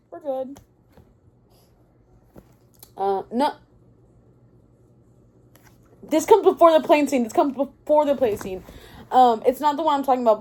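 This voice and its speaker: A young woman ranting casually about a book she loves, excitable and rambling, often stopping mid-thought to correct herself. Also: medium pitch. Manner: rambling and excitable, often losing her thread. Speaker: book vlogger.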